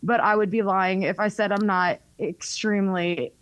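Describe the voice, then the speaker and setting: On a dry recording, a young Southern-accented woman from North Carolina talks in a mid-range voice with fairly even intonation at a normal speed. The radio personality is chatty in this casual interview, laughing frequently and using lots of fillers, especially "like."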